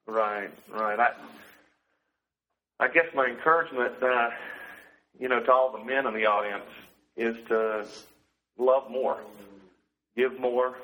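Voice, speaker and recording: A man sharing a heartfelt personal testimony in a church setting, speaking earnestly and softly. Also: medium pitch, takes it slowly, pauses often, narrow, tinny audio. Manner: earnest, heartfelt, soft-spoken.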